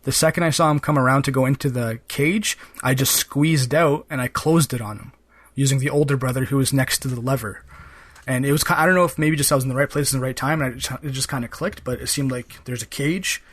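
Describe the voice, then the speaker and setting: The man speaks fast in a medium-pitched, slightly bright voice with a breathy edge. As host of a podcast, he chats loosely about a game, rambling and peppering his speech with "kind of" and "like."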